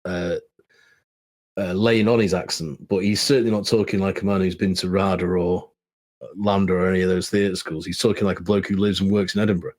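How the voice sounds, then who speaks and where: A man co-hosting a podcast in a casual film discussion, thoughtful and measured, explaining his views in long trailing phrases. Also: deep voice, little pitch movement.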